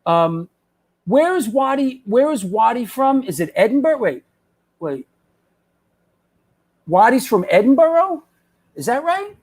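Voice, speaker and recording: A man hosting a live web show, rambling and excitable as he chats with viewers and restarts his sentences. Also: very high-pitched, slow, pauses often. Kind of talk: casual live-stream chat, reading viewer comments.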